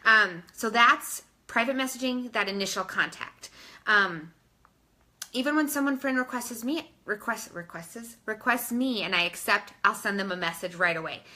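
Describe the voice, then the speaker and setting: A woman's voice: mid-range voice, moderate pace, bright, forceful tone. A woman coaching her team in a casual instructional talk, chatty and informal, often saying "like" and calling listeners "you guys".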